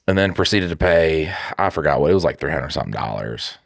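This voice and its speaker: A man in his thirties co-hosting a podcast, telling stories in a casual, profane, animated way. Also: rumbling low, fast, creaky, hardly any pauses, no room sound, clean studio sound. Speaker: podcast co-host.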